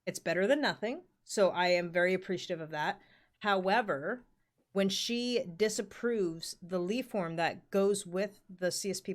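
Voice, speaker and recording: A woman in her forties telling a rambling work story in casual chat, full of fillers and the odd swear word. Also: lowish voice. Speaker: podcast co-host.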